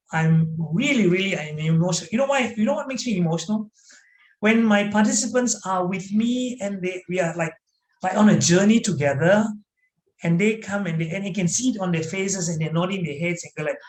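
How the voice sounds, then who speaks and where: A man with a Malaysian English accent giving an online training talk, animated and emphatic, asking his audience questions as he goes. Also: sits high. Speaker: corporate trainer. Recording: roomy echo.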